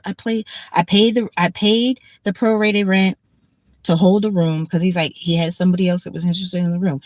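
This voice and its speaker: This livestream host is a blunt, worn-out woman in her fifties speaking in a fairly low, steady voice, a little fast and without echo. Her casual talk is full of profanity and repetition.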